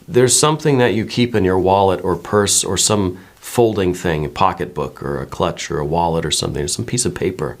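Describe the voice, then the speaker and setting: A man with a very low voice gives a slow, gentle tarot reading. He muses and meanders, hedging his guesses and checking in with viewers as he goes. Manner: musing and meandering, many hedges and repeated "right?". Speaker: tarot reader.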